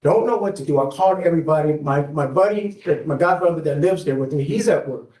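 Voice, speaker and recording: A man's voice: fairly high pitch, quick pace, dark tone. Man rambling anxiously from across an echoey courtroom. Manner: rambling, anxious, keeps addressing the judge. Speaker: defendant. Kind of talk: courtroom testimony. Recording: echoey courtroom, far from the mic.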